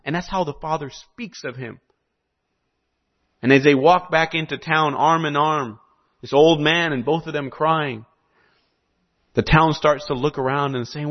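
A man's voice: on the high side, moderate pace. A man from South America preaching a sermon, telling a story with animation and asking his listeners questions. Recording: slightly muffled recording.

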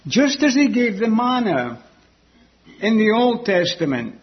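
A man preaching a sermon that explains a Bible passage, deliberate and repeating key words for emphasis. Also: sits high, sing-song, breathy edge, highs cut off.

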